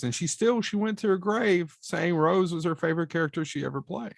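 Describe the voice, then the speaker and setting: A man's voice: high-pitched, a little fast, gravelly, no room sound, studio quality. A man co-hosting a podcast, chiming in with corrections in casual chat. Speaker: podcast co-host.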